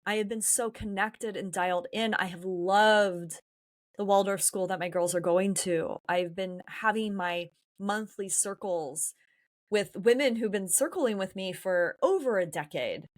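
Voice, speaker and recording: A podcast host from San Diego, California, talks through her feelings in a candid, introspective monologue, emotionally open throughout. Her voice is mid-range and unhurried.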